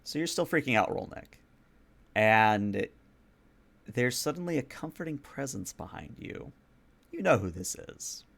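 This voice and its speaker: A man's voice: medium pitch, very animated, a little slow, creaky, pauses often, fairly bright tone. A man narrating as game master of a tabletop role-playing game, setting scenes in a loose, conversational way.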